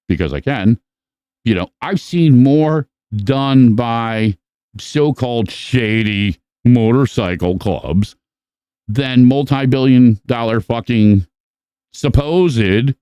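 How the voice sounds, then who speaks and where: A man hosting a podcast in casual chat, rambling and profane, with animated storytelling. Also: medium pitch, clear, resonant tone, no echo, muffled recording. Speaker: podcast host.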